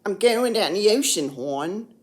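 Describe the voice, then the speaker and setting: A woman putting on an exaggerated Baltimore accent, playing a chummy, drawn-out local woman. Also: medium pitch, animated, lightly acted. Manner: drawn-out, loud, folksy.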